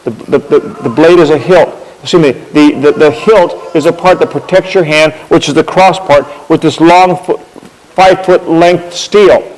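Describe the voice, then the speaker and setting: In a long, echoing reverb like that of a large hall, a man with a slightly raised pitch tells history as a rambling, friendly anecdote. His pace is measured and his tone a little mellow. He chats along, often repeating a word while gathering his next thought, and demonstrates points with props.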